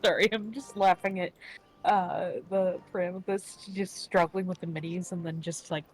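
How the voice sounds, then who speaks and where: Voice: medium pitch, steady tone, measured pace, rough recording. A chatty player at a tabletop game, talking casually with faint music in the background.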